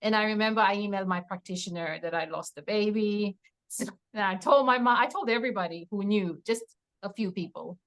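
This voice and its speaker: A woman telling her own story in a relaxed interview. She is animated, acting out what people said and laughing as she goes. Her voice sits at a middle pitch for a woman. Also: fairly quick. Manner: animated retelling, acting out quoted dialogue, laughing often. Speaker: patient sharing her story. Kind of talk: emotional personal testimony in an interview.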